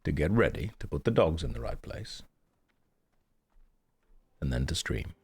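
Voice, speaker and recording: A man's voice: a bass voice, sing-song, unhurried, a little mellow, slightly rough. A man streaming a game, chatting casually in a groggy morning voice, with dry, self-mocking jokes. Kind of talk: casual live-stream chat.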